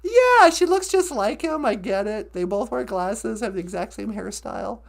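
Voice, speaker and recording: A woman's voice: medium pitch, expressive, normal speed, creaky. A woman co-hosting a comedy podcast, bantering in a sarcastic, joking way. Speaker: podcast co-host.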